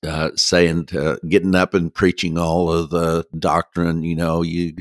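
A man telling a folksy story in a casual interview, halting with many restarts and laughing at himself. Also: deep voice, completely flat delivery, dry recording, clean studio sound. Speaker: guest.

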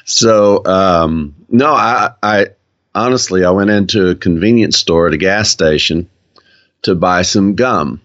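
A man's voice: deep voice, unhurried, a bit bright, muffled recording. A man with a Southern US accent in casual chat as co-host, easygoing and laughing often.

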